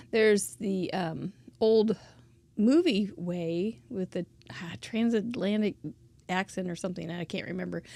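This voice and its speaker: A woman's voice: mid-range voice, dry recording. Chatty woman teaching a card craft. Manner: chatty, digressive, laughs often. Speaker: crafting instructor. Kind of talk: casual craft tutorial.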